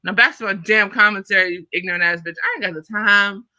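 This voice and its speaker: A woman hosting a livestream, ranting in an irritated, profane, confrontational way at a fast and emphatic pace. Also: medium pitch, fairly even intonation, bright, forceful tone, no echo, poor audio. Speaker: livestream host. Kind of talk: livestream commentary rant.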